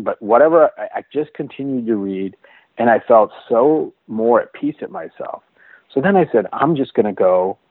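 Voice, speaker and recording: A man telling his own story as an interview guest, earnest and halting, restarting and repeating words as he goes. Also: on the low side, dry recording. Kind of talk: personal storytelling in a conversation. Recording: dry, phone-like narrow sound.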